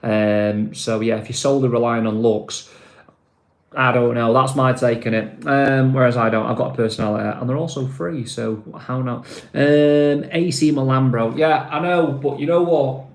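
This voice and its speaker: A man's voice: mid-range voice, steady tone, moderate pace, reverberant. A man from Manchester with a Mancunian accent, hosting a casual live stream, rambling with lots of fillers and calling viewers mate. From Manchester, England.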